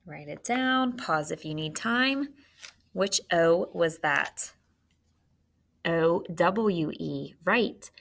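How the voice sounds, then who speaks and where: A woman teacher giving a spelling lesson to children, patient and clear, sounding words out slowly. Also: on the low side, animated, a bit bright.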